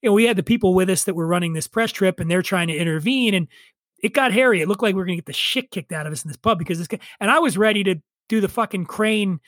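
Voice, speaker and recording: A man's voice: high voice, fast talker, fairly bright tone, dry recording. A man in his forties, a podcast guest, telling a rambling story with profane, wry asides. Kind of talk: casual storytelling chat.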